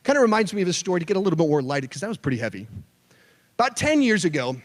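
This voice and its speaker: A man's voice: high-pitched, rapid-fire. A man in his thirties preaching a sermon to students, telling stories with jokey asides. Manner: animated storyteller, jokey asides. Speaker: youth pastor. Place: church hall. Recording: long hall reverb.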